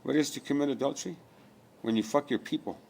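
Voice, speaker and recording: Male, mid-pitched, rambling preachy rant, swears freely, keeps firing rhetorical questions. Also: fast talker, creaky, darkish tone, a little hiss or hum. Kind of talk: rambling spiritual monologue.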